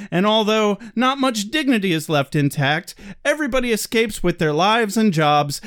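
A man co-hosting a podcast in casual chat, joking and rambling through quick recaps. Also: high-pitched. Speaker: podcast co-host.

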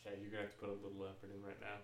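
A man's voice: lowish voice, completely flat delivery, very fast. A man on a podcast, trading crude jokes in casual banter. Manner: crude, joking. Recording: roomy echo.

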